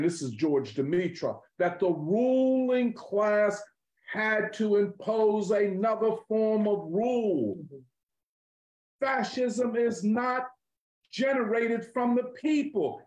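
A man talking politics in an animated, emphatic way, full of street slang and swearing. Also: high voice, roomy sound, low-quality recording. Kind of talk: political conversation.

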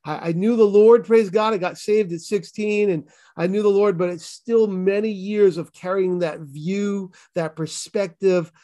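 A man's voice: high voice, fairly even intonation, measured pace, mellow. A man in his fifties with a Boston accent, a pastor giving his testimony as an interview guest, earnest and emphatic, stumbling over restarts. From Massachusetts. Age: 50s. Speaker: pastor and author.

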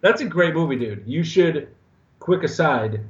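A man in casual podcast chat, telling stories in an animated way with plenty of swearing. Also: on the high side, unhurried. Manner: profane, animated storyteller. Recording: echoey, dull lo-fi room sound.

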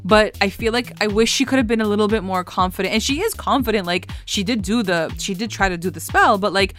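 A woman's voice: mid-range voice, fast, a bit bright. A woman co-hosting a casual TV recap podcast, easygoing and agreeable, saying "like" a lot. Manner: easygoing, agreeable, heavy use of "like". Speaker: podcast co-host.

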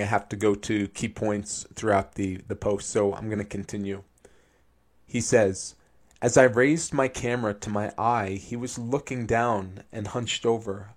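Podcast host guy, lowish voice, reads out a long post then says what's wrong with it, earnest and disapproving. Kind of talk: critical commentary reading quotes aloud.

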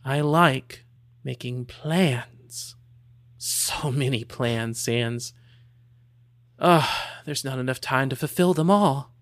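A man voicing a menacing hooded male villain who drawls slow, half-whispered threats in a gravelly voice. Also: medium pitch, no echo.

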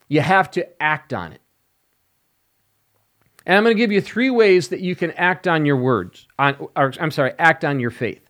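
A man preaching as an evangelist on a podcast, slow and emphatic, stressing key words. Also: a little high, lively intonation, fairly bright tone. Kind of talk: podcast sermon.

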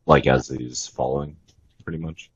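A young man playing a tabletop game, talking casually and asking quick questions. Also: a bass voice, fairly even intonation, muffled recording. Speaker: player.

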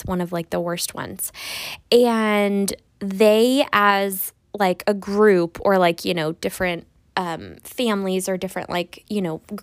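A woman's voice: medium pitch, no room sound. A woman hosting a spiritual podcast in a casual, rambling monologue. She is sniffly after crying, and her talk is playful and full of laughs. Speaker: podcast host.

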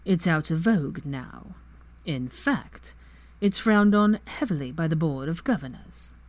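A woman voicing a cold, haughty older wizard father in a fan story reading, with slow, measured lines. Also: sits low, lively intonation, a little mellow, no echo.

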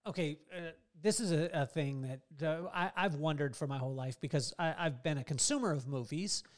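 Enthusiastic higher-voiced male podcast host. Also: brisk. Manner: enthusiastic and admiring, with warm reactions. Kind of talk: casual interview chat.

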